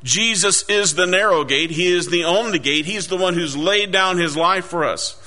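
A middle-aged man preaching a sermon, earnest and emphatic, slowing down to read scripture aloud. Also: high voice, pushed and bright.

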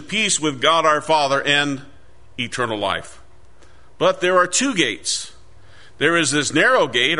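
A middle-aged man preaching a sermon, earnest and emphatic, slowing down to read scripture aloud. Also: a little high, bright, forceful tone.

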